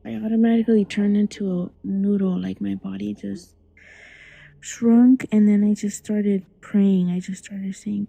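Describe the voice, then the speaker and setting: A young adult woman calling in to tell a scary childhood memory in a hushed, dramatic way that often drops to a whisper. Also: mid-range voice, steady tone, a little slow, gravelly, dry recording, low-quality recording. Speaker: caller. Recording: call-in audio.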